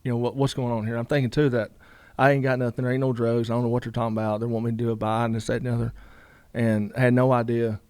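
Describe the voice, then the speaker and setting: A man's voice: medium pitch, little pitch movement, rapid-fire, hardly any pauses, a little mellow, clean tone, dry recording. A man, a guest telling a long story in a casual interview, rambling with lots of "you know" asides.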